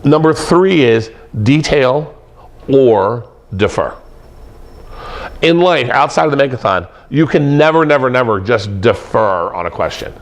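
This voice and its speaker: Animated joking man lecturing. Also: mid-range voice, measured pace. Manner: animated, joking, repeats words for emphasis. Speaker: professor teaching presentation skills. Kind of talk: lively classroom lecture. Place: classroom with an audience.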